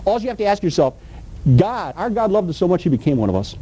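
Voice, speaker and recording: Emphatic preacher, male, high lively voice, dark tone, rhetorical questions. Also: fast, slight background noise, rough recording. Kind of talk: sermon.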